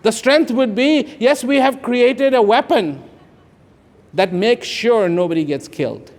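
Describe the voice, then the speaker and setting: A man in his fifties from India, speaking, gives an inspirational speech to an audience. He repeats phrases for emphasis and swings between hushed and loud. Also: extremely high pitch, a little slow. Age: 50s. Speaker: public speaker. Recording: echoey large hall.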